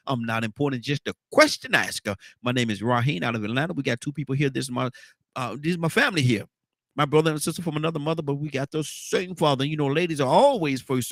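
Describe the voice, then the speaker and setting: A man's voice: mid-range voice, quick pace, dry recording. Male host, chatty, repeats himself, dry close-mic sound. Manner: repetitive, upbeat greetings, stumbling restarts. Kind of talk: casual morning show chat.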